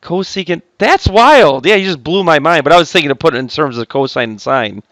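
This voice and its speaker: In a recorded classroom lesson, a high school math teacher chats and jokes with his students between steps. His voice is fairly high and expressive, a bit bright, and he talks fairly quickly. The recording is dry.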